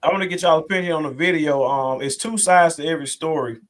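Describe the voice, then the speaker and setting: Man, live show host, casual, quick talker, faint background noise. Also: on the high side. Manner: casual, loose, asks the group for opinions. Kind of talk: casual live stream chat.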